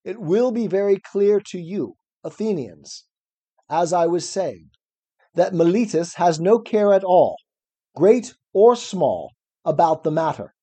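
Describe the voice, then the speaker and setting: A man's voice: sits high, expressive, measured pace, dark tone, husky, full character voice. A man reading aloud as an elderly male philosopher defending himself at trial, ironic and probing. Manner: cross-examining, probing, ironic. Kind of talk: reading a classic dialogue aloud.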